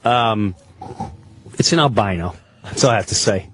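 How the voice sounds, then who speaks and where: A man telling a rambling, excitable story as a guest on a talk-radio show, acting out the people in it. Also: fairly low pitch, normal speed, a little hiss or hum.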